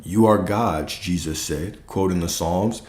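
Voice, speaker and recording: Low-voiced man teaching in an echoey room. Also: a little slow. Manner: keeps checking in with "right?" and "okay?"; relaxed, with casual swearing. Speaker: spiritual teacher and coach. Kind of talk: casual spiritual teaching monologue.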